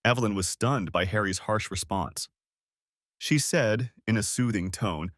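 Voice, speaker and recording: A man narrating an audiobook story in a steady storytelling way. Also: fairly low pitch, moderate pace, dry recording, studio quality.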